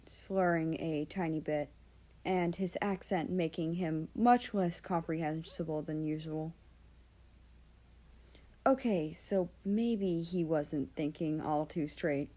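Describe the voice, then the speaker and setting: A woman's voice: sits low, slow, mellow. A woman reading fan fiction aloud, narrating casually with offhand asides and the odd swear word. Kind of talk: storybook narration.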